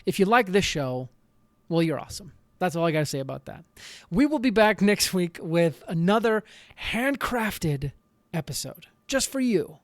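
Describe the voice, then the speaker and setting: A man hosting a podcast, giving earnest, animated advice in a solo talk with frequent restarts. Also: high-pitched, normal speed, no room sound. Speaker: podcast host.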